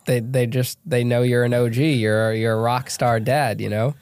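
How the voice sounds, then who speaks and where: A man's voice: mid-range voice, level tone, moderate pace, darkish tone, clean tone, no echo. A young man hosting a podcast in a studio, reading an upbeat intro and chatting loosely with his guest. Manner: upbeat, reads an intro then chats loosely with fillers. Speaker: podcast host.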